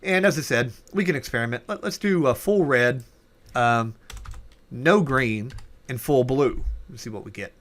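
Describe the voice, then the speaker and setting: A man's voice: mid-range voice, normal speed, fairly bright tone. A man teaching programming in a casual coding tutorial, thinking aloud with fillers and self-corrections as he works. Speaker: programming instructor.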